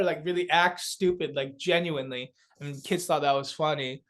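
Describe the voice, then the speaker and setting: A young South Korean man, a guest on a comedy podcast, tells stories in a fairly high voice at a fairly quick clip. He's animated and laughing, packing his casual chat with fillers.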